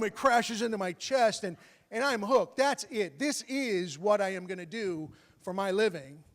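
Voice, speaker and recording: A man telling a true personal story on stage with comic timing and animated bursts. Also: high-pitched, measured pace. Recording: long hall reverb.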